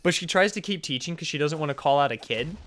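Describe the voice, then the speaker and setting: A young man in his twenties telling a funny school story in casual vlog chat, full of fillers, and he jumps up high for exclamations. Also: expressive, fast, a bit bright. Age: young adult. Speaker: storytelling vlogger.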